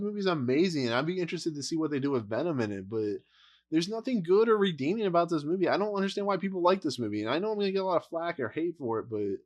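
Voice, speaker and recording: Exasperated man ranting about movies. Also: a little high. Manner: blunt, exasperated, rambling with laughs. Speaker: movie reviewer. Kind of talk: casual movie review rant.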